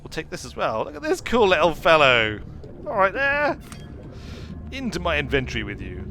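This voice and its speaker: A man gives playful let's play commentary, bright and sharp in tone, his voice swinging widely as he banters with in-game creatures. Faint game music sits beneath him. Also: a little high, wildly swooping pitch, normal speed. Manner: whimsical, chats to game creatures. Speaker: gaming streamer.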